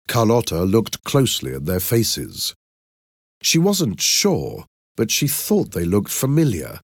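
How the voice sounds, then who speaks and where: Guy reading a storybook, low husky voice, dry close sound. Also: huge pitch swings, slow pace, no echo. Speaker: narrator. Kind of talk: audiobook reading.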